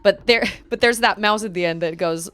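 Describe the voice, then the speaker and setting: A woman's voice: mid-range voice, moderate pace, fairly bright tone, no echo. A woman streaming a game, chatting casually and animatedly, laughing often and gasping at surprises. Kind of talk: casual gameplay chat.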